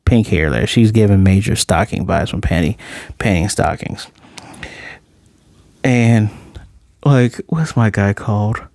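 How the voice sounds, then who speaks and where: A man's voice: fairly low pitch, unhurried, pauses often, a little mellow, no room sound, clean studio sound. A man reviewing an anime episode in a casual, rambling, blunt way.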